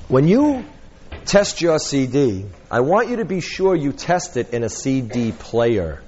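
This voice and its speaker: A man teaching a workshop, an animated storyteller who acts out quotes and laughs often. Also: mid-range voice, measured pace, dull audio, a little hiss or hum. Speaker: hypnotherapy trainer.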